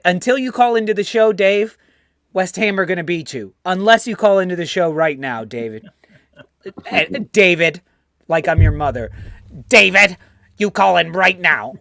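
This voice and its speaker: A man from the United States hosting a casual fan show, loud and teasing, swearing freely and greeting viewers by name. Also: high-pitched, no room sound, studio quality. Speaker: host.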